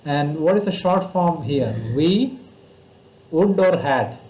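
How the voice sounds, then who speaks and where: Slow patient Indian English tutor, echoey. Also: male voice, on the high side, expressive, a little mellow. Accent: Indian English (Kerala). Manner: slow, patient explaining with many fillers. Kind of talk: online grammar lesson. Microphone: video call.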